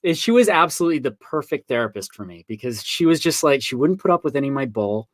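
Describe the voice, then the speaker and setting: A man's voice: medium pitch, big pitch swings, quick pace, no room sound. Chatty man telling stories on a stream. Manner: chatty storyteller, acts out quoted voices. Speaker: author hosting a live online book signing. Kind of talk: casual video-call chat.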